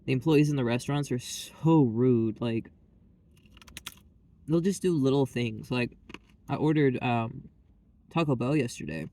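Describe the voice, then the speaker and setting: A man speaking to camera in a loose vlog rant, piling on fillers and asides as his exasperation builds. His voice sits in an ordinary middle pitch. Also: measured pace, long pauses, dark tone. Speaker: vlogger. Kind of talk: casual ranting monologue.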